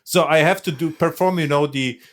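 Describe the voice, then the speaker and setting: A man's voice: fairly high pitch, a little fast, a bit bright. Chatty male podcast host. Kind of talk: casual conversation.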